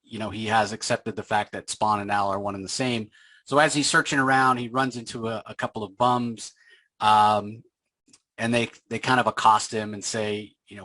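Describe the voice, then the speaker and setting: Dry, low-voiced man chatting about comics. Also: no echo. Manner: animated retelling, acting out characters' lines in quick voices. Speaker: podcast host. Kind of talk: casual comic book discussion.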